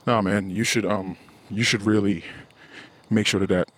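A man with a husky, somewhat low voice rants bluntly on his podcast. He swears freely and keeps circling back to his point in a heated, casual monologue. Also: steady tone, moderate pace, a bit bright. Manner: blunt, profane, heated ranting. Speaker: podcast host.

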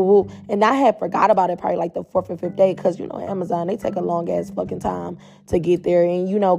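A woman's voice: mid-range voice, vocal fry, mellow. A woman telling a blunt, profane storytime straight to her viewers in a casual, chatty way.

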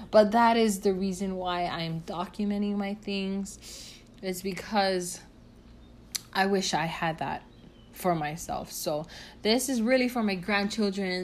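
Candid, foul-mouthed young woman podcaster. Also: medium pitch. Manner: candid, heavy swearing, many fillers and restarts. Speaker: podcast host. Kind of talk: casual personal podcast talk.

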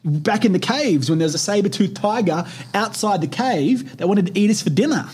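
A man's voice: high-pitched, expressive, fairly quick, darkish tone, slight background noise. A man in his twenties hosting a podcast, talking casually and animatedly, swearing freely and leaning on "like" and "right?". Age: 20s. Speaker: podcast host. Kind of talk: casual motivational podcast talk.

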